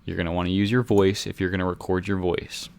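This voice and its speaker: A young man walking beginners through music software in a casual, rambling way, joking about himself as he goes. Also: sits low, fast talker, creaky, clear, resonant tone, no echo. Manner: relaxed, rambling, self-deprecating. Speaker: music software tutorial host. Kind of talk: casual screen-recorded tutorial. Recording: faint music from the software behind. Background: faint music track.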